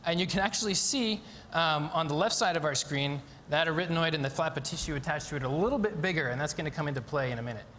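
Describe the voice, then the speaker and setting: A man's voice: on the high side, quick pace, hardly any pauses, pushed and bright, a little hiss or hum. Eager man speaking in a reverberant hall. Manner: eager, explanatory, with frequent ums and restarts. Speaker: conference speaker. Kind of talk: live stage talk explaining a demonstration. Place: university lecture hall.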